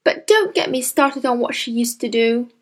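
Woman reading as a gentle young teacher. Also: a little high, animated, normal speed. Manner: soft, gentle, apologetic.

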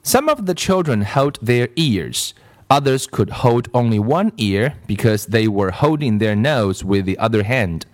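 A man reading a children's story aloud, slow and expressive. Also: medium pitch, no room sound, studio quality.

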